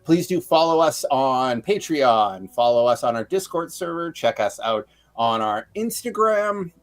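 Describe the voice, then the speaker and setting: A man's voice: medium pitch, animated, a little slow. An upbeat man hosting a live tabletop game stream as game master, talking casually with many filler words. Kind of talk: casual livestream chat.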